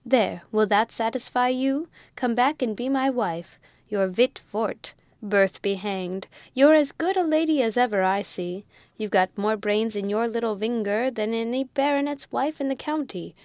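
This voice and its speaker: A woman's voice: a little high, a little slow, a little mellow, no echo. A woman voicing a coarse old country baronet who talks in rustic dialect and blusters. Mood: pleading.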